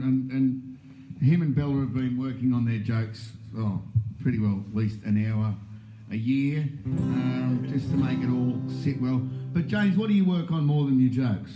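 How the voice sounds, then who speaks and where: A man's voice: medium pitch, warm tone. An Australian man chatting casually in jokey, rambling banter while hosting a stream from home. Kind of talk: casual chat. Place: home room. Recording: echoey room with guitar behind.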